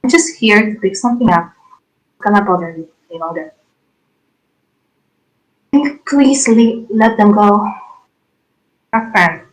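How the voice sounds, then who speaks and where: A woman voicing a calm young woman who speaks very quietly and apologetically. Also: medium pitch, normal speed, lightly acted, low-quality recording.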